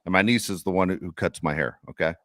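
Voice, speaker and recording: A man's voice: low-pitched, fast, no echo, studio quality. A middle-aged man hosting a sports podcast, telling a rambling story in casual chat and getting worked up as he rants. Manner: animated, worked-up ranting. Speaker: podcast host.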